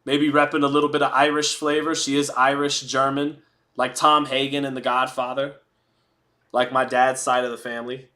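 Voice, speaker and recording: A man's voice: mid-range voice, flat delivery, moderate pace, bright, forceful tone. A man hosting a live fight watch party, chatting casually, answering viewer chat and making blunt, profane jokes. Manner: blunt and profane with joking asides. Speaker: livestream host.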